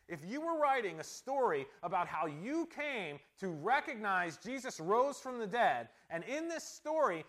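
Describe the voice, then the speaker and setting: A middle-aged man preaches in a high, light voice. He talks the text through casually and asks his listeners rhetorical questions, rising loud for emphasis and dropping to near-murmurs for asides. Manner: conversational, rhetorical questions, swings from loud to soft. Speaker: pastor. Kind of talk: sermon.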